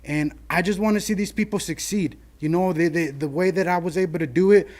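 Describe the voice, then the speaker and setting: A man's voice: sits high, a little fast, a little mellow. A man speaking earnestly at a city council meeting, heartfelt and plain, often saying "you know". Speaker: shelter monitor giving public comment. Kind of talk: public comment at a council meeting. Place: council chamber.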